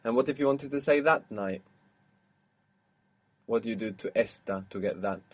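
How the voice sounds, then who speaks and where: A man teaching a one-to-one language lesson, explaining patiently and slowing down to model words. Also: on the low side.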